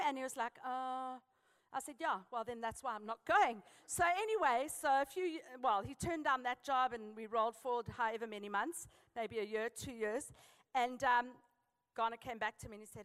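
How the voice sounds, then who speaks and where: A South African woman preaching a sermon, telling a personal story with lively, emphatic exhortation. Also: on the high side, normal speed, clean tone, big-room sound.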